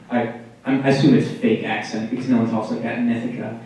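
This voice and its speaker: A man in his twenties doing a stand-up comedy set, wry and exasperated, jumping into high voices for quoted people. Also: level tone, fairly quick, a little mellow. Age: 20s. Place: college comedy show room with live audience. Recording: roomy echo, distant mic, audience noise.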